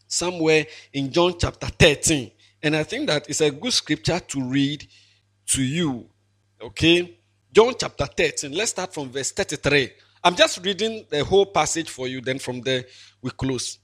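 A man's voice: fairly high pitch, a bit bright. A young Ghanaian man in his twenties preaches a farewell sermon to his congregation. He mixes emotion with jokes, repeating himself as he talks. His voice sits a little above the usual male range. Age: 20s. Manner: emotional, joking, repetitive, pulpit preaching. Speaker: pastor.

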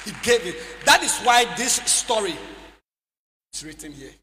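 High, lively preacher in an echoey hall. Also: male voice, measured pace, a faint crowd. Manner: call-and-response preaching, often shouting and sing-song. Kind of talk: sermon. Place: church hall.

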